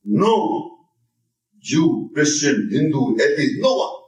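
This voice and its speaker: A man's voice: sits high, animated, takes it slowly. A man giving a religious lecture, speaking emphatically, acting out the voices of people he imagines and reciting Arabic verses. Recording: echoey room, mic at a distance.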